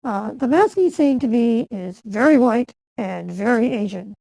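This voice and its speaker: A woman's voice: on the high side, expressive, measured pace, vocal fry, mellow, dry recording, low-quality recording. A woman hosting a casual chat show in an easygoing, chatty way. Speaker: host.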